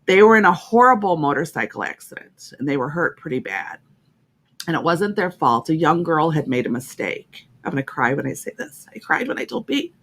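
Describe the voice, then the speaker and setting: A woman's voice: low-pitched, sing-song, fairly quick, fairly bright tone. A woman hosting an internet radio talk show, speaking in a heartfelt, emphatic way and often repeating herself.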